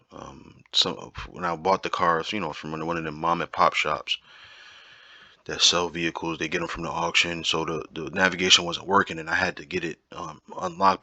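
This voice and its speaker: Man, low voice, very bright and tense tone, dry sound, emphatic repetitive Bible teaching. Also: no echo. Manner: emphatic, repetitive, keeps asking "right?".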